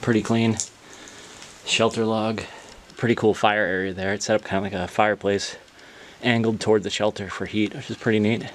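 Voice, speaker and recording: A man's voice: lowish voice, flat delivery, a little fast, slight background noise. A man filming himself on a hike outdoors, giving casual, wry running commentary. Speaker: hiker filming his trip. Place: outdoors on a forest trail.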